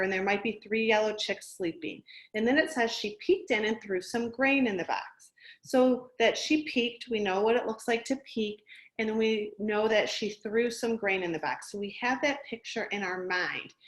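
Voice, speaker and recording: A middle-aged woman teaches a remote reading lesson, explaining patiently to young children at a medium pitch. She speaks into a laptop microphone from a home office, and the room adds a noticeable echo. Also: fairly bright tone. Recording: echoey room.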